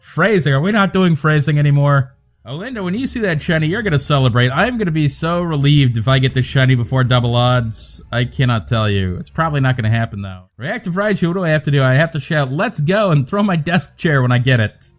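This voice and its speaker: A man hosting a livestream, chatting casually to viewers in a calm, soothing voice and rambling from joke to joke. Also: a little high, fast talker. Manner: rambling, joking, talks to chat by name. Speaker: livestream host.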